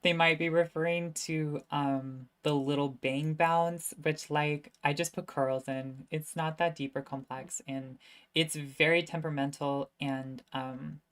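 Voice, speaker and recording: A woman's voice: low-pitched, steady tone, measured pace. A young woman, a student, chatting casually on a livestream and answering viewer questions, self-mocking and laughing often.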